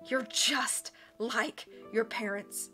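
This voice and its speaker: Woman doing a wheezy, rough-voiced dying villain. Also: fairly high pitch, very slow, bright, forceful tone, soft background music, exaggerated voice. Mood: snarling, bitter. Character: wheezing dying villainous man, bitter and theatrical.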